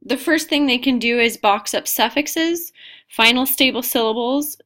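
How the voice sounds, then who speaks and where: A woman's voice: fairly high pitch, a little slow, fairly bright tone. A woman narrating an instructional video, explaining a method step by step.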